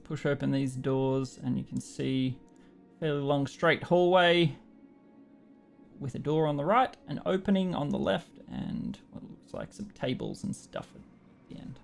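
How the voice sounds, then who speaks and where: A man's voice: medium pitch, unhurried, vocal fry, soft background music. An Australian man narrating as game master in a casual, rambling tabletop session, laughing often.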